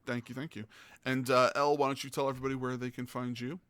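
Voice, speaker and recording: A man hosting a gaming podcast, telling stories in a casual, animated way and acting out the people he quotes. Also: mid-range voice, quick pace, clean tone, no echo. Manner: animated, acts out quoted voices. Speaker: podcast host. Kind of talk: casual storytelling chat.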